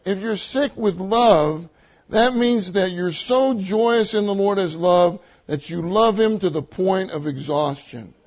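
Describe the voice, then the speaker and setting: A man's voice: high-pitched, low-quality recording. An older man preaching a sermon to a meeting, emphatic, repeating his key phrases and laughing lightly between points.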